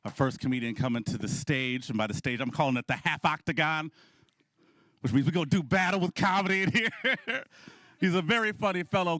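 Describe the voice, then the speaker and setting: A man hosting a comedy showcase, telling stand-up stories with quick audience asides. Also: on the high side, slight background noise. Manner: animated storytelling with audience asides. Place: comedy club stage.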